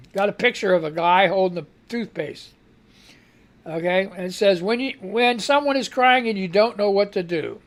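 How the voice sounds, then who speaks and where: A man's voice: high voice, gravelly. A man hosting a live radio news show, reading headlines aloud and breaking off into rambling, exasperated reactions while trying not to cough. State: fighting a cough. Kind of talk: casual live news commentary.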